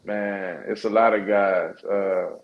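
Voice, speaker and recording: A boxer talks through an interview in an easygoing, halting way, filling pauses with "uh" and "yeah." His voice sits on the low side. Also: steady tone, highs cut off. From Orange, Texas. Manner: laid-back, hesitant, lots of "uh" and "yeah". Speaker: professional boxer. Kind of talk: casual interview answers.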